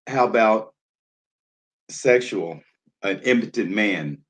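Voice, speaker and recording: A man's voice: on the low side, lively intonation, slow, fairly bright tone. A man hosting a casual livestream, talking loosely with lots of fillers and greeting viewers in the chat by name. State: nervous, jittery. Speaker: livestream host.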